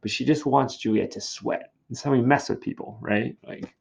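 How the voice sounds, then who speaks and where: Husky, gravelly man explaining a play. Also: medium pitch, normal speed. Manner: chatty, laid-back, with fillers and asides. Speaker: teacher. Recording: dull lo-fi recording.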